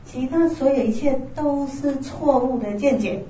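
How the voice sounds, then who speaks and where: A woman interpreting a talk phrase by phrase, quick and plain, echoing the speaker's tone. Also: high voice, dark tone, slight background noise. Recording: distant, roomy, dull lo-fi sound with faint ambience.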